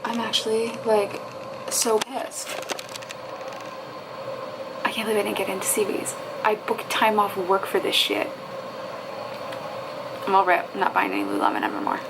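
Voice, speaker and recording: A woman's voice: medium pitch, expressive, normal speed, vocal fry, pauses often, background noise. A woman vlogging casually, talking to herself and her viewers, exasperated and swearing as she tries to register online. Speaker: fitness vlogger. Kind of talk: casual vlog commentary.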